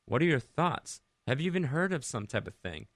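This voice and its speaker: A man's voice: on the high side, very animated, fairly quick, a bit bright, no room sound, clean studio sound. A man from Rhode Island hosting a Christian radio show, talking conversationally, asking listeners many questions and leading a prayer. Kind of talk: devotional radio talk and prayer.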